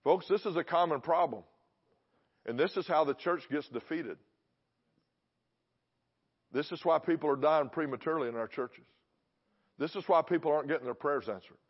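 A man's voice: a little high, moderate pace, pauses often, husky. A man preaching a sermon to a church congregation, emphatic, repeating phrases and putting questions to the crowd. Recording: dull lo-fi recording.

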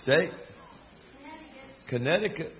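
A man's voice: on the high side, animated, slow pace, dull audio. Drawling Southern man telling folksy stories. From Alabama. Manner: joking, drawling, storytelling with asides. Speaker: gospel singer and preacher. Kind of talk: folksy storytelling sermon.

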